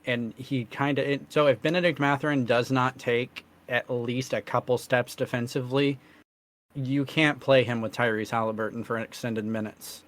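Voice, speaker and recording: A man co-hosting a casual sports podcast, talkative, his voice going hoarse as he keeps clearing his throat. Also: mid-range voice, fairly even intonation, normal speed. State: losing his voice. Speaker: podcast co-host.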